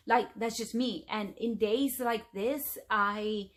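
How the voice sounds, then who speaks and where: A woman's voice: a little high, fairly even intonation, takes it slowly. A middle-aged woman from the United States talking casually to camera as a vlogger, rambling with lots of fillers. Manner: chatty, rambling, frequent fillers.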